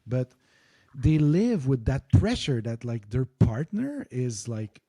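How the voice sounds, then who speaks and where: A man guesting on a podcast, telling personal stories in an animated, candid way, repeating words and swearing casually. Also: mid-range voice, takes it slowly. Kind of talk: candid conversational storytelling.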